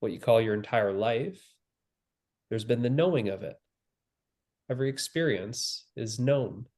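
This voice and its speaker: Calm slow-spoken male spiritual teacher. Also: medium pitch. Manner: calm, slow and repetitive, with long pauses.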